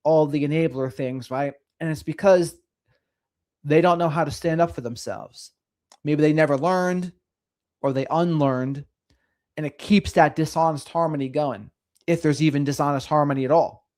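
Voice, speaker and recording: Reading viewer comments on a casual livestream, a middle-aged male host talks at normal speed in a voice pitched a little high for a man. He sounds lively and sing-songy.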